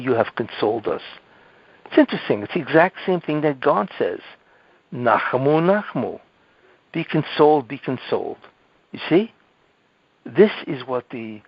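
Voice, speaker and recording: A man's voice: medium pitch, breathy edge, no echo. A man giving a Torah lecture as a rabbi, teaching through rhetorical questions and often asking "you see?". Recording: dull lo-fi audio.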